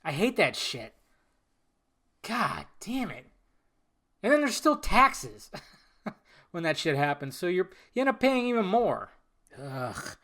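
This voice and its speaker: A young man with a bright, somewhat high voice hosts a solo podcast in a casual rant. He swears freely and swings between low, mumbled asides and loud, exasperated outbursts. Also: sing-song, takes it slowly, pauses often. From Southern California. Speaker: podcast host.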